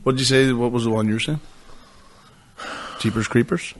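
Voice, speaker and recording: A man's voice: mid-range voice, brisk, a little hiss or hum. A man chatting casually as a podcast co-host, rambling and swearing freely. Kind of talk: casual chat.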